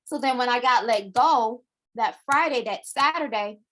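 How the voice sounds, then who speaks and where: A woman's voice: a little high, moderate pace. Chatty woman hosting a morning show. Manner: chatty, animated, acts out quoted voices. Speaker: host of a morning chat show. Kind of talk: casual live-stream storytelling.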